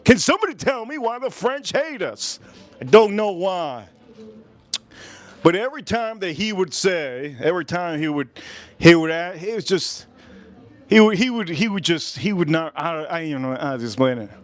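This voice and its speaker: A man in his forties from the United States talks loosely to his livestream audience while he cooks, with a voice pitched a little above most men's. He rambles, circles back and repeats the same phrases while he hunts for the next words. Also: expressive, moderate pace. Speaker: livestream cooking host. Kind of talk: casual livestream chat.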